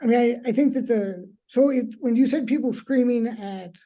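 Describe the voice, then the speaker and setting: A woman's voice: a little high, normal speed, mellow. A woman hosting a discussion, hesitant and thinking aloud with many fillers. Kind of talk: discussion talk.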